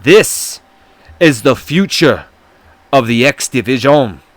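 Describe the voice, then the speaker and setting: A man voicing a boastful male luchador wrestler in a put-on Spanish accent, proclaiming loudly. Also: medium pitch, expressive, takes it slowly, no echo. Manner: loud, proclaiming, braggart.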